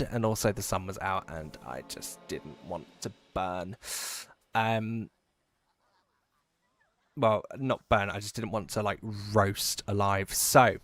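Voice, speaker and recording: Chatty man streaming a game. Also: on the low side. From England, near London. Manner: chatty, rambling, swears casually. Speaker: live-streamer. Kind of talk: casual gaming live stream chat.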